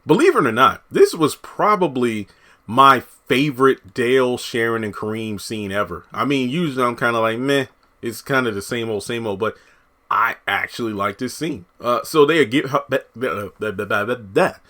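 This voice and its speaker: A man giving a casual, animated review of a TV episode, often laughing and acting out the characters' lines. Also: mid-range voice, normal speed. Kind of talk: casual spoken commentary.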